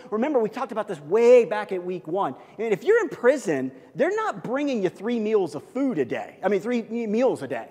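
High-voiced pastor preaching in a reverberant hall. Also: male voice, normal speed, few pauses. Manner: conversational, animated storytelling with many fillers and repeats. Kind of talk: sermon.

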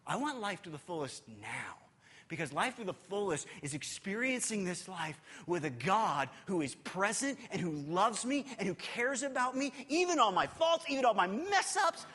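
A man preaching a sermon as pastor in a church hall. He is emphatic and swings between loud and hushed, repeating words as he gathers his thoughts. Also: high voice, very animated, moderate pace, husky.

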